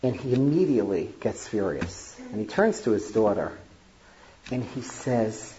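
A man's voice: on the low side, expressive, measured pace, warm tone, muffled recording, a little hiss or hum. A male family therapist telling a story to an audience in a conversational way, with many fillers.

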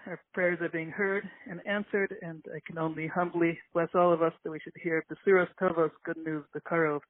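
A man's voice: high voice, no echo. A rabbi giving an earnest inspirational talk and telling stories, explaining as he goes. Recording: tinny dry phone line.

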